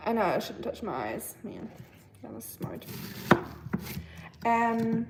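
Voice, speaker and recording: A woman's voice: on the high side, big pitch swings, slow pace, vocal fry, a little mellow, slight background noise. A woman from Germany with a German accent, chatting casually on a livestream while cooking in her kitchen, with loose talk full of fillers. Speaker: livestream host. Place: home kitchen.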